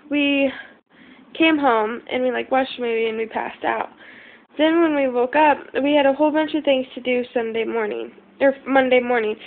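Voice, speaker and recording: High gravelly young woman on a phone. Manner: rambling with many fillers and some swearing. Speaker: vlogger. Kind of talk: casual storytelling. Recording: tinny lo-fi phone recording.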